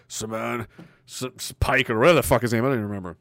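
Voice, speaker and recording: A man's voice: mid-range voice, racing, a bit bright, no room sound. A man hosting a livestream, reading out chat messages and ranting bluntly with plenty of profanity. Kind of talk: casual live chat commentary.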